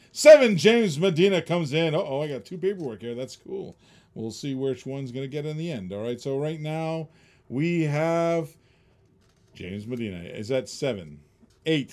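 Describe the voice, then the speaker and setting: A man hosting a live online auction, chatty and laughing often, calling bids like a boxing match. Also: medium pitch. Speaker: live stream auction host.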